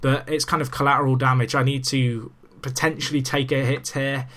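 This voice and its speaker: A young man in casual let's-play commentary, chatty and excitable with self-mocking asides, talking into a desk microphone. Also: medium pitch, brisk. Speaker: gaming commentator.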